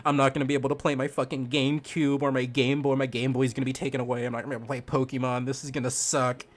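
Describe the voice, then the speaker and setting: A man's voice: mid-range voice, little pitch movement, racing. A young man streaming a game and telling a childhood story in a rambling, profane way, laughing as he goes. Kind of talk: casual storytelling while gaming.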